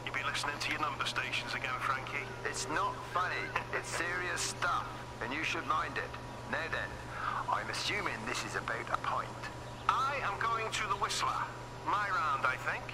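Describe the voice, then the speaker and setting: A man's voice: fairly high pitch, expressive, moderate pace, close to an everyday voice. An actor playing a chatty village man on a phone call in a video game. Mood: banter. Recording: noisy game audio.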